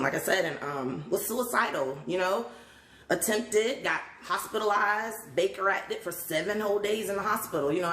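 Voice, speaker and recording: Her voice is on the low side yet fairly bright as she casually chats on a phone livestream. She greets viewers and laughs often, with the room adding an echoey quality.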